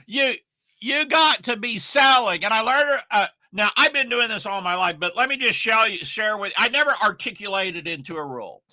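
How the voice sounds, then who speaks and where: Middle-aged man from Oklahoma, high bright voice, dry close sound; folksy, emphatic marketing coach with loud outbursts. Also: expressive, normal speed, no echo. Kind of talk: motivational talk to camera.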